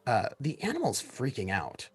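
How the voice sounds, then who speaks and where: A man narrating and explaining rules as game master of a tabletop game, in a relaxed way with many pauses. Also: medium pitch, slightly rough, faint music behind.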